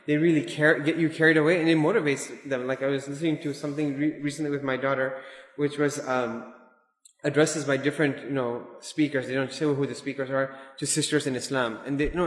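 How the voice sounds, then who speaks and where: In an echoey hall with long reverb, a man with a slightly high voice gives an informal religious lesson as an Islamic teacher. His delivery is conversational and digressive, sprinkled with Arabic and Urdu terms.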